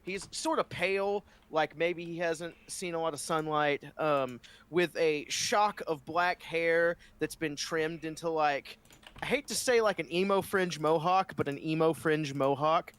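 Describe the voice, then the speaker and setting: A man's voice: a little high, a little slow, fairly bright tone, clean tone. A man player describing his tabletop character in casual chat, rambling with many fillers and restarts.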